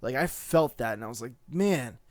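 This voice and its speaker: A young adult man giving a casual spoken movie review, excitable and gushing, full of "like" and "dude". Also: mid-range voice, fast, no echo.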